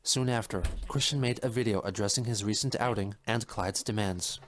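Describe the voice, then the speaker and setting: Guy w a lowish voice narrating a documentary, flat matter-of-fact read. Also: moderate pace, background noise. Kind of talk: scripted narration.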